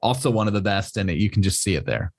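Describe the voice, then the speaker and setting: A man's voice: fairly low pitch, expressive, fast, creaky. A man co-hosting a podcast, rambling casually about comics with plenty of fillers and frequent laughter. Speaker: podcast co-host.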